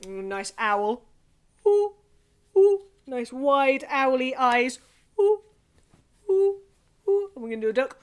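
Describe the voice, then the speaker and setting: A Scottish woman leading an online singing group through vocal and face warm-ups, cheerful and chatty, laughing at herself. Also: sits high, lively intonation, measured pace, clean tone.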